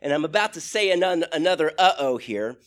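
High-voiced earnest male pastor. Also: animated, brisk. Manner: earnest, conversational storytelling with laughter. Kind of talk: prayer and sermon. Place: church sanctuary.

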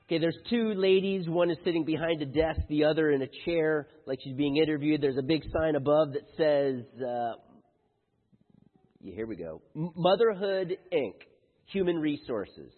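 A man reading humorous cards aloud to a congregation in a light-hearted way, stumbling over words now and then. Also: fairly high pitch. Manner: jokey, halting reader who stumbles over words. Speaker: speaker reading Mother's Day cards to an audience. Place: large hall with house lights. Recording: echoey hall on a thin phone-like line.

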